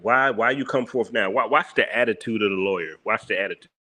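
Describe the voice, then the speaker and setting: A man's voice: on the low side, quick pace, pushed and bright. A man hosting a reaction commentary, talking emphatically and often breaking into mocking laughter. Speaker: host.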